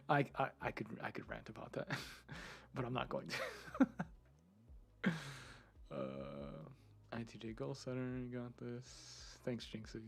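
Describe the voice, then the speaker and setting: A man's voice: mid-range voice, big pitch swings, slow, creaky, pauses often, a bit bright, husky. A man streamer in casual live chat, rambling freely, laughing often and swearing. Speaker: streamer and 3D content creator.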